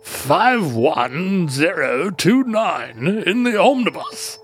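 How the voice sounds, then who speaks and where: A man's voice: sits high, sing-song, takes it slowly, a little hiss or hum, heavily acted. A man putting on a stiff, posh British accent to read out an archive entry like a formal announcer. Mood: pompous. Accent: British, put on. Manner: stiff, increasingly formal reading.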